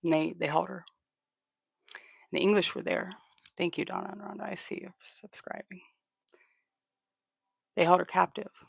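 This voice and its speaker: A livestream host shares a history story casually, stopping to thank viewers, in a mid-pitched voice that is heavily gravelly and full of vocal fry. His tone is steady but his delivery halting, with frequent restarts and repeated words, recorded dry and close without room echo.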